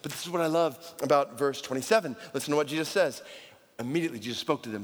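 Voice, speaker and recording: A man's voice: on the high side, fast. A man preaching a sermon as a pastor, telling a personal story and then building to fervent emphasis. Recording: long hall reverb.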